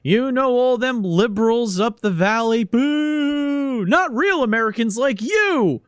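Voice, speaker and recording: A man playing a loud, pompous bigoted politician. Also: very high voice, animated, takes it slowly, clean tone, no echo, studio quality, voice pushed up, heavily acted. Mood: rousing. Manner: loud, pompous, crowd-rousing. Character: bigoted male politician giving a rally speech.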